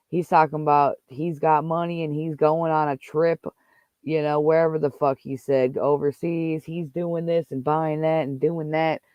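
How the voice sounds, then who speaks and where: A man's voice: a little high, level tone, measured pace, dry recording, highs cut off. A man hosting a casual livestream, ranting angrily and swearing heavily as he vents about someone. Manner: angry, profane, heated rant. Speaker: livestream host.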